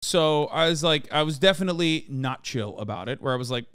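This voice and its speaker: A man casually telling a story on a podcast, animated and swearing freely, acting out the people in it. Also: on the high side, fairly quick, few pauses, clean tone, dry recording, studio quality. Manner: animated, swears, acts out quoted officials.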